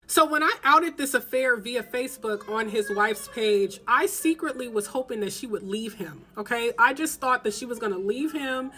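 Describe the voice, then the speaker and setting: Young woman spilling the tea, kinda high voice, cussing, acting out the back and forth. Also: moderate pace, hardly any pauses. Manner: blunt, profane, animated retelling with quoted dialogue. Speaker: storytelling vlogger. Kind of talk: casual storytime.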